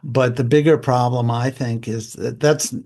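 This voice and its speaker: A man's voice: mid-range voice, fairly even intonation, a little slow, darkish tone. An older man, a psychologist, speaking candidly and reflectively as a guest in a conversational interview. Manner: candid, plain-spoken, reflective.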